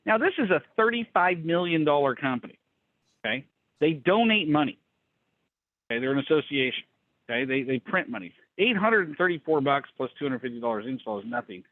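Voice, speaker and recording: A man's voice: moderate pace, no room sound. A man coaching small business owners on a call, telling a story bluntly and acting out quotes. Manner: blunt, animated, acts out quotes in a higher voice. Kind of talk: casual storytelling talk. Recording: tinny phone-like call line.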